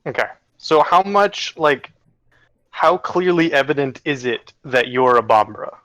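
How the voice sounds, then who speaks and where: A man narrates a tabletop role-playing session as game master, his voice bright and forceful. He speaks casually, pausing often with fillers as he works out the scene. The recording is close and dry, with no room sound. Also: mid-range voice, dry recording, rough recording. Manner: casual, hesitant, many fillers.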